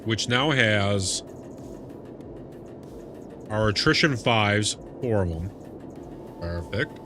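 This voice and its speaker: A man's voice: fairly low pitch, expressive, extremely slow, music in the background. A young adult man streaming a game, chatting casually and laughing, often repeating himself. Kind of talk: casual live-stream chat.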